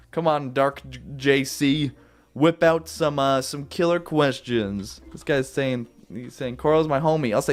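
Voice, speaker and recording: A man giving casual, playful commentary on a game, chatting with viewers in a silly, joking way. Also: mid-range voice. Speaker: gaming YouTuber.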